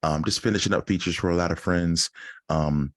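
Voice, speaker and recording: A man chatting casually as a guest in an interview, laid-back and quick to laugh, about his music and plans. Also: low-pitched, steady tone, no echo, clean studio sound. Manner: laid-back, laughs often, acts out quoted voices. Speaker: podcast guest, rapper.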